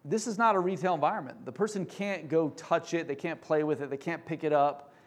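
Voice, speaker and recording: Upbeat guy presenting on stage, kinda high voice, jokey, lots of ums. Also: a little fast. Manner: energetic, joking, with fillers. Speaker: company presenter. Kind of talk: business presentation talk.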